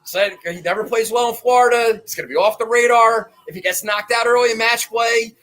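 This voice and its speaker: A man hosting a golf betting show, ranting defiantly and swearing, swinging from low muttering to shouts. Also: fairly quick, rough recording. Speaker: golf betting podcast host. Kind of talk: fired-up monologue.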